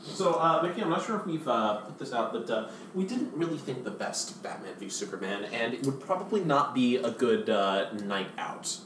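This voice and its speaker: A man's voice: medium pitch, normal speed, a crowd in the background. A young man talking casually and sarcastically about movies. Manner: sarcastic, animated. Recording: echoey room, distant mic, faint background noise.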